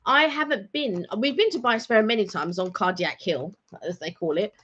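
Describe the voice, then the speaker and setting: A woman's voice: mid-range voice, moderate pace, fairly bright tone, breathy edge. Chatty woman on a lo-fi stream. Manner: chatty, rambling, many ums and restarts. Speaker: vlog co-host. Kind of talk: casual live-stream chat. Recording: dull lo-fi home stream audio.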